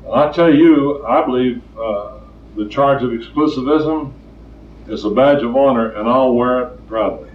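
A man's voice: medium pitch, a little slow. An older man preaching a plainspoken sermon, telling stories and hammering points with repetition. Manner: plainspoken, storytelling, emphatic repetition. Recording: distant roomy lo-fi recording.

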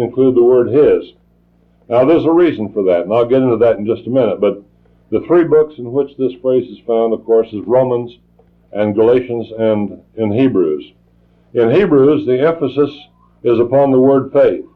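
A man preaching a sermon, talking in a halting way with many restarts and fillers. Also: on the low side. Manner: halting, repeats words, frequent fillers. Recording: tinny phone-like old tape recording.

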